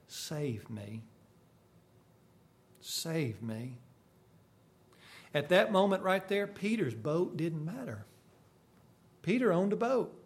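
A man preaching a sermon, swinging from sudden loud bursts to hushed, quiet lines. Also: mid-range voice.

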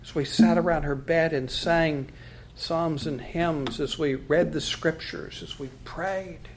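A man with an East Texas Southern accent preaches slowly and deliberately to his congregation, his voice sitting a little high. He swings between loud proclamations and near-hushed tones, calling the room to repeat after him, with a faint hum of ambience behind. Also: steady tone. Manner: leads the congregation in call and response. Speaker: pastor. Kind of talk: sermon.

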